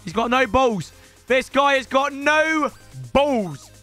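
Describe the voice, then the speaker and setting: A young man rants and yells through his gameplay commentary in a high, bright voice. His pitch swings widely, though his overall pace stays unhurried. Faint game music runs underneath. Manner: excitable, shouts and rants at the game. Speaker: gaming YouTuber.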